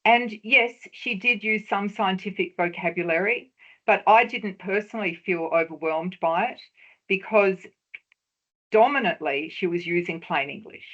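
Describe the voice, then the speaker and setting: A woman presenting a webinar lecture on research talks, measured and explanatory, stressing key words for emphasis. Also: mid-range voice, fairly bright tone, highs cut off.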